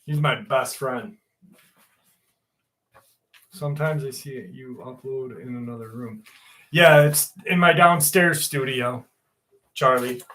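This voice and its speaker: A man's voice: medium pitch, slow pace, long pauses, sharp tone, rough recording. A man hosting a casual livestream from home, chatting loosely with viewers, rambling with fillers and the odd swear. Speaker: livestream host. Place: room at home.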